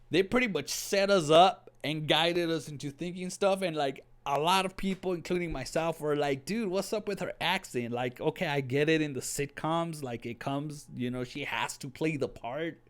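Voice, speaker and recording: A man giving a casual, excitable review of a TV episode, rambling and slangy, often saying "dude". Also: fairly high pitch. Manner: excitable, with many restarts.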